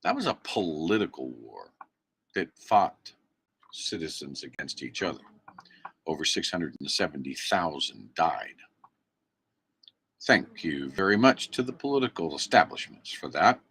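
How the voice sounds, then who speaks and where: A man's voice: extremely low pitch, very animated, unhurried, long pauses, a bit bright, breathy edge. Angry American man ranting on livestream. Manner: angry, emphatic, preachy. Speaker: activist live streamer. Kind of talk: impassioned livestream rant. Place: indoors at a computer. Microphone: computer mic.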